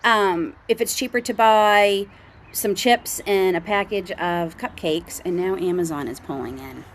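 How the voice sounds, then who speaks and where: A woman's voice: mid-range voice, a little slow, slight background noise. A middle-aged woman from Canada, talking earnestly outdoors at her home as a homestead vlogger, rambling with many ums and restarts. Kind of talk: casual heartfelt talk to camera.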